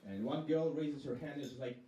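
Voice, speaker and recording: A male stand-up comedian telling stories deadpan on a club stage, slipping into quick quoted voices. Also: medium pitch, dull audio, a little hiss or hum. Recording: roomy club sound from a distance.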